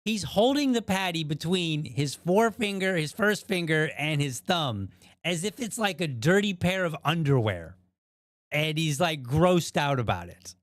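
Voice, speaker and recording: This podcast host talks a little slowly in a fairly high, animated voice, with no echo in the recording. He riffs casually on a viral video, thinking out loud and often turning aside to address viewers.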